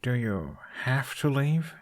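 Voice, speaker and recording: A man's voice: medium pitch, sing-song, slow pace, pitched above the performer's own voice. A man reading the lines of a playful, earnest young man with a bashful, teasing tone. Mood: gentle.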